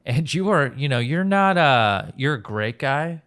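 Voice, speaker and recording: A podcast co-host with a mid-pitched voice chimes in playfully, teasing a friend in a casual chat. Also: lively intonation, unhurried, a bit bright, clear, resonant tone.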